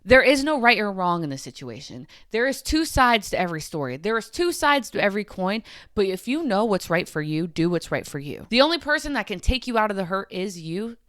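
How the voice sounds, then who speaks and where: A woman's voice: mid-range voice, very animated, a little fast, hardly any pauses, fairly bright tone, no echo, studio quality. A young woman hosting a podcast, talking through something that upset her, repeating herself, her voice rising and falling sharply. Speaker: podcast host. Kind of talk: emotional personal monologue.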